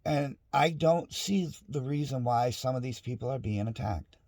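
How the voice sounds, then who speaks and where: A man's voice: mid-range voice, normal speed, a little mellow, no room sound. A middle-aged man in a casual, rambling monologue at home, frustrated and restarting often. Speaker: vlogger. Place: home with dogs nearby.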